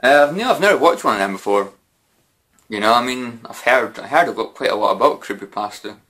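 A man's voice: medium pitch, lively intonation, a little fast, sharp tone. A man answering viewer questions in a casual, rambling way, with lots of fillers and mild swearing. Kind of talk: casual Q&A chat.

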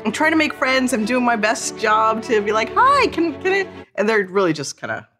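A woman's voice: on the high side, fairly quick, music in the background. A woman telling a comic anecdote about her first job, acting out the people in it. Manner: lively, acts out quotes in voices. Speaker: storyteller.

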